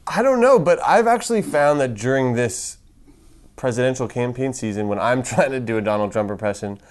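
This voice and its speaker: A man's voice: medium pitch, lively intonation, brisk. A man interviewing a guest for a feature piece, asking playful questions. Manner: playful questions, laughs easily.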